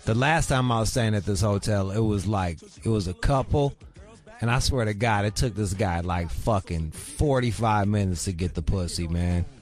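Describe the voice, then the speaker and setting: A man's voice: on the low side, moderate pace, faint music behind. A man hosting a radio show, talking in a crude, brash, rambling way. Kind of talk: casual uncensored radio chat. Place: radio studio.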